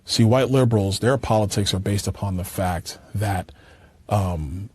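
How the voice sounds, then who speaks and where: A man speaks in a very deep, husky voice during a political interview. He builds his argument slowly. His delivery is halting and full of fillers. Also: darkish tone, dry recording. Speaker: interview guest.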